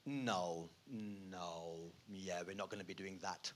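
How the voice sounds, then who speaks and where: A male comedian acting out a calm, firm friend who refuses flatly and in a low voice. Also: slow. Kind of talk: stand-up act-out.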